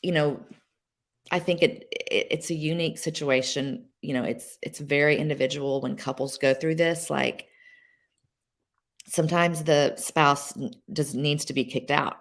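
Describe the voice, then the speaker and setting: A woman guest sharing a personal story on a podcast, emotional and halting, with many fillers and restarts. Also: deep voice, fairly even intonation. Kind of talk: candid personal testimony.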